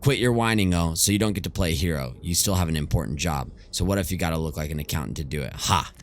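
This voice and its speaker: A man's voice: deep voice, fast talker. Man doing a sassy teasing medic woman. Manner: teasing, bossy.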